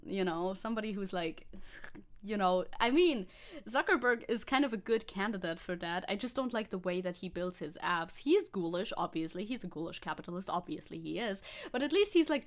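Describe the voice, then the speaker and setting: A young woman streaming as a VTuber, chatting casually, reacting to chat, swearing and laughing often. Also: medium pitch.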